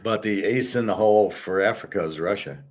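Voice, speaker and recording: A man with a fairly low voice speaks fairly quickly as he hosts his own betting and gold commentary show. He delivers an indignant, profane opinion monologue, ranting throughout.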